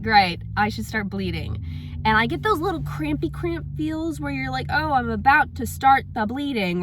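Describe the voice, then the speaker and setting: A young woman chatting in a casual personal vlog, acting out her own reactions with big jumps in pitch. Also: a bit bright, slight background noise. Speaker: vlogger.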